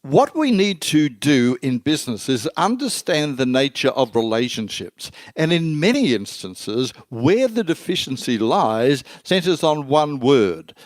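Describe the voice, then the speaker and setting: A man's voice: mid-range voice, big pitch swings, a little slow, few pauses, no room sound. An older man, a marketing expert answering interview questions in an emphatic way that builds long lists of terms.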